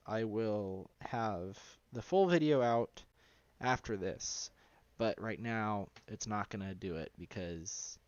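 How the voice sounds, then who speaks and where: Low-voiced man live-streaming a tutorial. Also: no room sound. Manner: loose and rambling, with many fillers. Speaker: live streamer teaching 3D simulation. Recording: dull, lo-fi sound.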